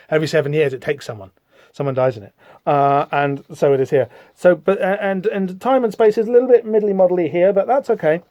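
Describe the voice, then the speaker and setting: A man's voice: a little high, fairly quick, a little mellow, no echo. A man hosting a podcast, chatting casually through a comic book with rambling, wry asides. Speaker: podcast host.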